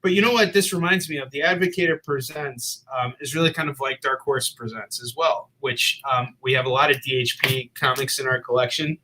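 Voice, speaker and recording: A man from the Midwest hosts a live comic-shop stream. His voice is bright and forward, his pitch sits mid-range, and he talks in a loose, chatty way, full of fillers as he plugs books. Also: fairly even intonation, brisk, few pauses, low-quality recording. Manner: upbeat, lots of fillers and plugs. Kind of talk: casual live-stream chat.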